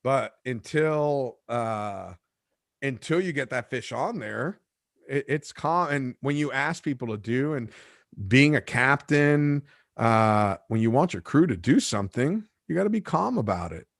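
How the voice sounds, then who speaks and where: A man hosting a casual podcast chat who tells his fishing stories with lively retellings and quoted lines. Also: mid-range voice, measured pace, creaky, no echo, studio quality. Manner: animated storyteller, acts out shouts and quotes. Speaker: podcast host and fishing captain.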